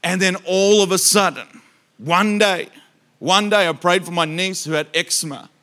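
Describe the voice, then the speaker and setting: A man preaching to a church congregation, telling animated stories that he acts out with loud bursts of emphasis. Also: high-pitched, moderate pace. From Australia. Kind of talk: storytelling sermon.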